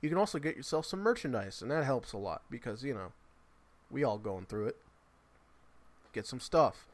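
A man's voice: medium pitch, animated, normal speed, no echo. A man co-hosting a podcast in casual chat, playful and often laughing. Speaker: podcast co-host.

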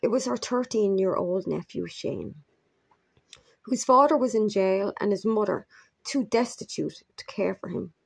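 Gravelly, husky woman narrating true crime. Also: mid-range voice. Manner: measured, grave storytelling with brief asides.

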